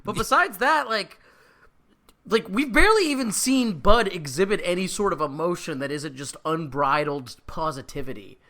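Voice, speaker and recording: A man chatting as a podcast co-host, opinionated and wry. His bright voice swings up and down a lot as he makes emphatic points. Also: sits high, lively intonation, moderate pace. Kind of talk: casual chat.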